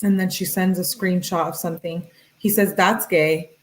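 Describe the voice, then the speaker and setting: A woman hosting a true-crime channel, reading text messages aloud in a flat, casual way with "she says, he says" tags and chatty asides. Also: lowish voice, moderate pace, poor audio.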